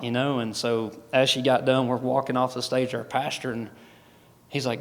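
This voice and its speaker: A man's voice: medium pitch, level tone, fairly quick. A man gives a folksy personal testimony as a guest speaker, with many restarts. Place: large event hall. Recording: long hall reverb.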